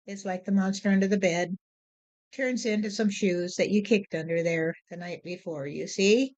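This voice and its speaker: Woman, spiritual medium, slow measured monologue, mid-pitched, muffled lo-fi recorder sound. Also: darkish tone. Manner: slow, measured, repeats "you see". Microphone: handheld voice recorder.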